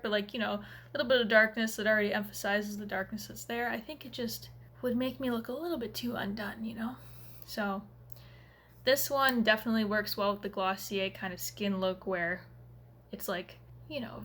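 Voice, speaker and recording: A woman's voice: medium pitch, fairly bright tone. A woman chatting through a casual makeup review at home in a rambling way, full of fillers. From Canada. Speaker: beauty vlogger.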